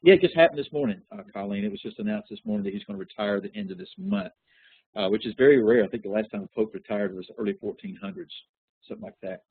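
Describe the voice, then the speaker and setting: A lower-pitched man with a slightly husky voice teaches a scripture class, loose and chatty, stopping often to put questions to his students. The sound is dry and tinny, like a phone line. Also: fast talker, no echo. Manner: relaxed, conversational teaching with frequent fillers. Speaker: Bible study teacher. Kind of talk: interactive Bible lesson.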